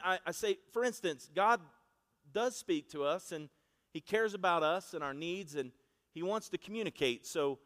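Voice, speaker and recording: Storytelling preacher in an echoing hall. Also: male voice, a little high, animated, moderate pace, a bit bright. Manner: conversational storytelling, asks congregation to repeat after him. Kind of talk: sermon. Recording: long reverb of a large hall.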